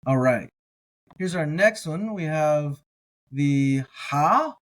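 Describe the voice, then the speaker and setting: Male teacher, very slow pace, sounds out syllables one by one, relaxed explainer. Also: a little high, poor audio. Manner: slow, careful syllable-by-syllable pronunciation with casual asides. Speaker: biblical language teacher. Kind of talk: slow word-by-word reading lesson.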